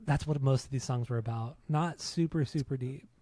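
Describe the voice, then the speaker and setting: A man's voice: medium pitch, normal speed, warm tone, no room sound. A man co-hosting a casual music podcast, talking in an easygoing, hedging way with many fillers. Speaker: podcast co-host.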